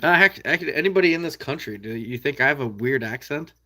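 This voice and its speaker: Hosting a trapping channel, a young Midwestern American man reads live chat and casually talks with his stream viewers, answering their questions by name and laughing often. His everyday middle pitch carries lively intonation, and he speaks a little fast with a bright, forceful tone.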